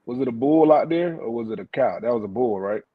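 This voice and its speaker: A man's voice: mid-range voice, expressive, fast talker, slightly rough, dry recording. A man guesting on a sports talk show, laid-back and laughing in casual banter, over a dull remote line. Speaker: guest, former football player.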